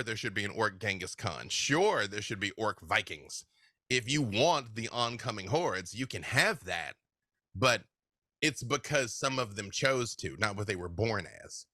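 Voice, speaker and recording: A man, a game master being interviewed, chatting casually and telling stories in an animated way, laughing often. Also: on the low side, a little slow, no room sound, clean studio sound.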